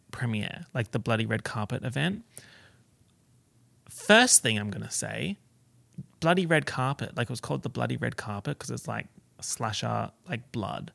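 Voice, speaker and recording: A young Australian man telling a story to camera in a chatty, gossipy vlog style, full of fillers and sudden excited outbursts. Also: vocal fry, no echo. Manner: animated, gossipy, lots of fillers and sudden high exclamations. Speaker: YouTuber.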